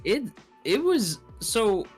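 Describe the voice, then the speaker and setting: Man, guest. Giggly, animated delivery, pitch all over the place. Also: takes it slowly, faint music behind. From Canada. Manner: giggly, animated, laughs often. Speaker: guest streamer. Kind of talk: casual chat.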